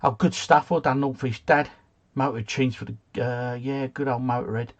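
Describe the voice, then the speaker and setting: A man's voice: medium pitch, fairly even intonation, normal speed, lo-fi sound. A man hosting a casual quiz livestream from home, chatting, chuckling and answering comments from his viewers.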